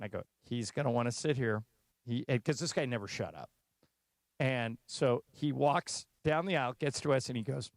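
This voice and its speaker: A man's voice: medium pitch, moderate pace, creaky, dry recording. A man co-hosting a sports radio talk show, chatting casually in the studio and telling stories while acting out the voices of the people in them. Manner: storyteller who acts out quoted voices.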